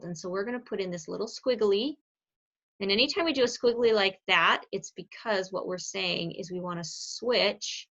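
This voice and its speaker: On video, a woman teaches a grammar lesson in a chatty way, pausing to correct her own slips. Her mid-range voice has a fairly bright tone. The lo-fi recording sounds slightly dull.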